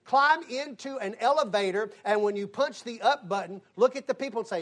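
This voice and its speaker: A man's voice: high voice, brisk. A man teaching a conversational Bible lesson as a Sunday school teacher, telling stories and acting out the dialogue. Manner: animated storyteller acting out dialogue.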